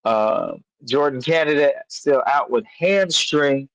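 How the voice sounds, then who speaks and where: A man's voice: on the high side, slow pace, fairly bright tone, no echo. A man hosting a casual live sports chat, rambling with fillers and breaking into playful sing-song chants. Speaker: sports podcast host. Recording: dull lo-fi dry mic.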